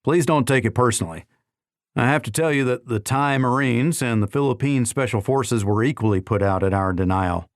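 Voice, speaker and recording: A man doing a smooth, cool secretary of state. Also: medium pitch, normal speed, no room sound, clean studio sound, lightly acted. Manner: polished, diplomatic.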